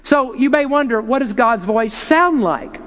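A man's voice: very high voice, expressive, unhurried, fairly bright tone. A man preaching an earnest, emphatic sermon, posing rhetorical questions to his listeners. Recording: long hall reverb.

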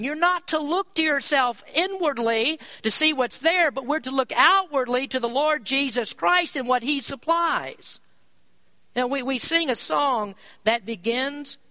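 A preacher giving a sermon, stressing key points by rising in pitch and volume and slowing down on important words. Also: expressive, sharp tone, no echo. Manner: slows down to drive words home.

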